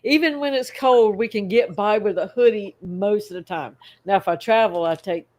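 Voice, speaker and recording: A woman's voice: medium pitch, moderate pace, a little mellow. A woman co-hosting a casual livestream, easygoing, laughing between her words. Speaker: co-host of a fish-keeping livestream. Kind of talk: casual chat.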